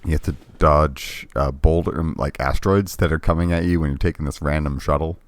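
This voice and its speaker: A man's voice: rumbling low, steady tone, fairly quick, dry recording. A man co-hosting a casual retro gaming podcast, talking in a laid-back, hesitant way with lots of ums and restarts. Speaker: podcast co-host. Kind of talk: casual chat about retro games.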